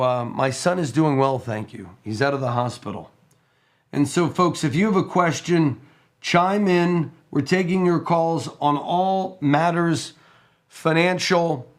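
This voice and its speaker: Hoarse male radio host. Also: fairly high pitch. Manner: chatty, reads listener messages aloud. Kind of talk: call-in radio talk.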